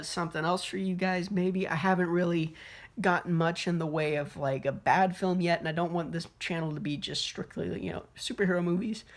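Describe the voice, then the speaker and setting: A young woman giving a casual, rambling film review, swearing freely and full of fillers and restarts. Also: on the low side. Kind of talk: casual spoken movie review.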